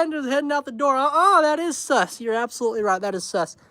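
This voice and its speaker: A man's voice: very high voice, expressive, quick pace, bright, forceful tone, dry recording. A man chatting casually on a home livestream, rambling and laughing often as he talks to his viewers. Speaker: homestead vlogger. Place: indoors at home.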